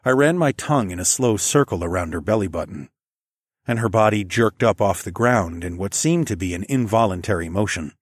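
A man reading a first-person story in a low, slightly husky voice, calm and measured. The recording is close and dry, with no room sound. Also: no room sound. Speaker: narrator.

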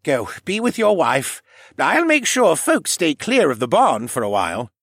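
A man voicing an earnest, kindly male koala man who gives calm advice. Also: fairly high pitch, a little slow, breathy edge, dry recording, clean studio sound, pitched above the performer's own voice, heavily acted. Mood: reassuring.

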